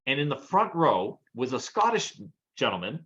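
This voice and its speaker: Animated male podcast co-host telling stories. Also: medium pitch, moderate pace, highs cut off. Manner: animated anecdotal storyteller. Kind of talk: casual chat, storytelling.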